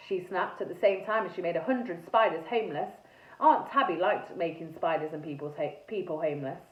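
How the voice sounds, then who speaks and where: A woman teacher with an English accent, reading a children's story aloud with expressive narration, heard in a tinny, echoey recording. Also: lowish voice, distant mic. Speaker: primary school teacher. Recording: tinny phone-like sound in echoey room.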